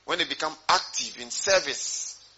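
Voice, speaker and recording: A man's voice: on the high side, normal speed, sharp tone, slightly rough, highs cut off. A man preaching a sermon as pastor, repeating his points and putting questions to the congregation.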